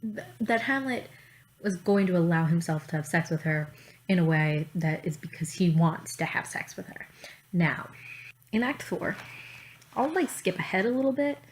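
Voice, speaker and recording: Lowish woman vlogger, roomy echo. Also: animated, slight background noise. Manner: chatty and profane, with quick asides and restarts. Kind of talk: casual chat. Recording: roomy echo, faint ambience.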